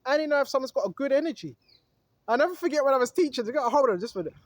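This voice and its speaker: A man with an unusually high voice preaches outdoors. He reads scripture aloud, then riffs on it, calling out to his listeners and chuckling as he goes. The sound is dry and close. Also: expressive, very fast, dry recording. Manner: calls out to listeners, chuckles often. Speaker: street preacher.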